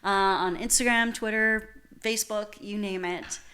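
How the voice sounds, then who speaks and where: A woman's voice: mid-range voice, fairly even intonation, measured pace, sharp tone. A woman who is a podcast guest, chatting casually and effusively, laughing often. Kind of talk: casual chat.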